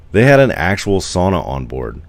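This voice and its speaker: A man's voice: sits low, no room sound. A man in his forties from the United States, chatting casually on a live stream, rambling and answering viewer comments.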